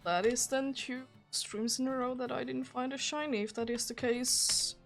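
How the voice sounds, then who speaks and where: A woman's voice: high voice, normal speed, soft background music. A young woman from Finland, speaking English as a second language with a Finnish accent, chatting casually on a livestream and laughing often. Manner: chatty and giggly, with frequent laughs and restarts. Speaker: streamer.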